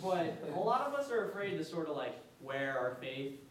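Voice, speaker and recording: A young adult man speaks at a student retreat, giving a casual faith talk full of fillers and frequent laughter, his pitch swinging widely at a moderate pace. He's recorded from far off in an echoey room, with crowd noise and a faint rumble.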